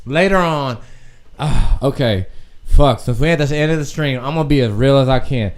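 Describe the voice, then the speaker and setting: A young man hosting a podcast stream, telling a personal story in a candid, profane, animated way. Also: medium pitch, normal speed. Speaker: podcast host.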